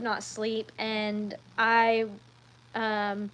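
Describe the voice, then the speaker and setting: A woman chatting casually on a live stream, rambling along with frequent ums and quick self-corrections. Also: medium pitch, rough recording. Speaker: livestreamer.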